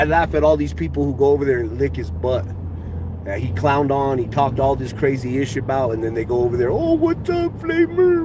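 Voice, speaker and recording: Trash-talking man ranting on a car livestream. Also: mid-range voice. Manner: profane, mocking trash talk. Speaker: livestream host. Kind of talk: casual livestream rant. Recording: street and car noise behind.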